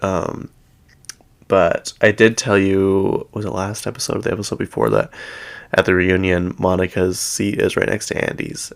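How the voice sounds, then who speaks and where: A man's voice: deep voice, gravelly. A man hosting a gossip recap from home, chatty and rambling, full of "like". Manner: chatty, rambling, heavy use of "like". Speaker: gossip show host. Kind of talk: casual reality-TV gossip recap.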